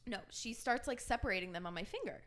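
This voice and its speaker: A woman's voice: fairly high pitch, quick pace, slight background noise. A young woman co-hosting a podcast, casually telling a long story and acting out the other people's lines in her own voices. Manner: animated storyteller who acts out quoted dialogue. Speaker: podcast co-host.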